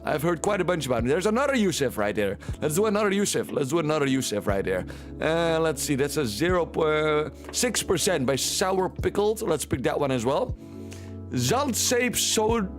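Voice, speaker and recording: Chatty Dutch-accented male streamer. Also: on the high side. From Netherlands. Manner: chatty, playful, repeats himself. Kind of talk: casual live-stream commentary.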